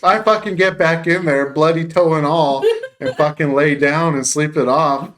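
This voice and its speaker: A young man with a fairly high voice tells a rambling, profane story, acting out his own lines with lots of energy. He talks casually, like he's with friends on a podcast. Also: moderate pace, fairly bright tone. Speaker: podcast co-host.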